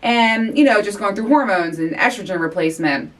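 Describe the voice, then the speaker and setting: A woman's voice: medium pitch, fairly quick, recorded from a distance. Breathless midlife woman podcaster, off-mic. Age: middle-aged. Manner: candid, breathy and excitable, with sighs and laughs. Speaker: podcast host. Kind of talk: casual chat.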